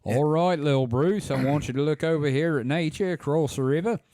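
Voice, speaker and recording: A man's voice: a little high, a little fast, warm tone, no echo, close to an everyday voice. A man voicing a flustered father steering his young son's attention away from something.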